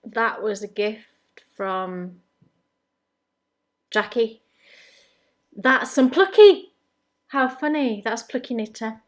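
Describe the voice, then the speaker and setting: A woman's voice: a little high, slow, long pauses. An English woman hosting a knitting podcast, chatting in a rambling, good-humoured way. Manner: chatty and rambling, often laughing at herself. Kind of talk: casual chat.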